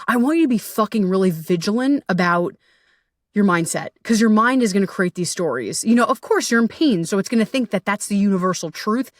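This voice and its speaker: A young woman, a relationship coach, hosts a solo podcast, speaking candidly and casually, swearing freely, and jumping animatedly into quoted voices. Her medium-pitched voice is brisk, and the recording is dry with clean studio sound.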